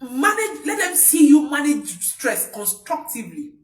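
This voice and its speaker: A woman's voice: sits high, very animated, measured pace. A woman, coaching parents in an emphatic talk that repeats key points. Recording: echoey room, voice from a distance.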